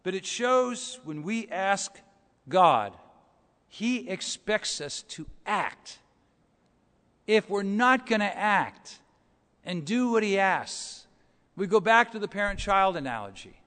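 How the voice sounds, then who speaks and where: Storytelling preacher in a reverberant church. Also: male voice, sits high, sing-song, takes it slowly. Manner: storytelling, swings between soft and loud. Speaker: pastor. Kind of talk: sermon.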